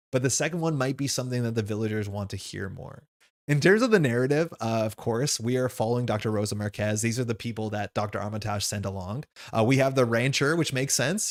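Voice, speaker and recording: A man hosting a board game session who reads the scenario aloud and adds chatty, upbeat commentary, thinking out loud as he plays. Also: mid-range voice. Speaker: game host.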